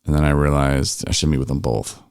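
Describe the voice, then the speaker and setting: A man's voice: extremely low pitch, steady tone, a little fast, vocal fry, darkish tone, clear, resonant tone, no echo, studio quality. A man hosting a recovery podcast in easygoing, rambling casual chat, restarting his sentences often. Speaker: podcast host.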